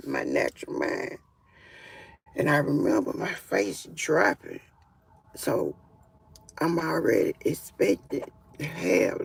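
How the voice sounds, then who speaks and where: Gravelly, husky woman telling her story. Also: extremely low pitch, darkish tone. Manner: emphatic, with frequent fillers like "or whatever" and "you feel me". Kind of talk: casual live-stream storytelling.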